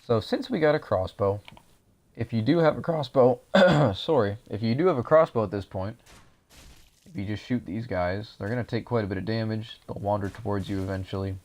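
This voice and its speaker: A man's voice: on the low side, a little fast, darkish tone. A young man casually talking viewers through a game walkthrough, explaining each step as he plays, his voice a little dry. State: voice drying out. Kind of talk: casual gameplay commentary.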